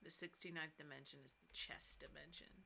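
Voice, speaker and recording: A woman's voice: deep voice, fairly even intonation, fairly quick, vocal fry, pushed and bright, slight background noise. A woman co-hosting a casual live stream, joking and swearing freely while brainstorming a game. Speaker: streamer co-host. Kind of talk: casual Twitch stream chat.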